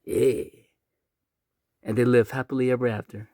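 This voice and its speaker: A man's voice: mid-range voice, steady tone, measured pace, a little mellow, no room sound, studio quality. A man casually telling a spooky, funny story in a laid-back, chatty way, acting out the voices as he goes.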